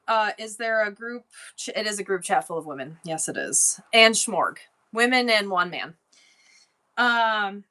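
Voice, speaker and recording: A woman's voice: a little high, sharp tone. A woman hosting a casual livestream, rambling on tangents and thanking viewers effusively as she reads the chat. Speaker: livestream seller host.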